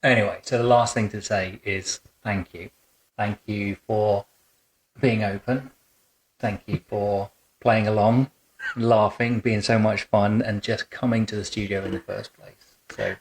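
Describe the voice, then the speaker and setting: A man's voice: lowish voice, steady tone, a little slow, slight background noise. Chatty male photographer host. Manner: warm, rambling, chatty with many restarts and fillers. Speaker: boudoir photographer and podcast host. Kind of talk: relaxed conversational interview. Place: photo studio.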